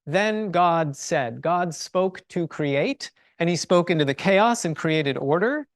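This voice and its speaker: A middle-aged chapel speaker talks to a live audience in a relaxed, excitable way. The voice sits at an ordinary middle pitch and sounds close and dry, with no room echo. The talk is full of asides and jokes at the speaker's own expense. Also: slow pace. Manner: enthusiastic, chatty, self-deprecating humor. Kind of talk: casual faith and science talk. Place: university building, before a live audience.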